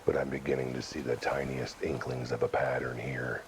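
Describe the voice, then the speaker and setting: An actor playing a world-weary cat detective in a noir game, talking in a dry, sardonic deadpan. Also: male voice, rumbling low, moderate pace, noisy background. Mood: wry. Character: world-weary cat detective, middle-aged male, wry. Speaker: game character.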